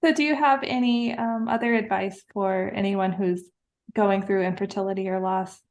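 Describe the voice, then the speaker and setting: A woman's voice: mid-range voice, steady tone, normal speed, a little mellow. A woman hosting a podcast in casual chat, sincere, often filling with "you know". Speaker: podcast host.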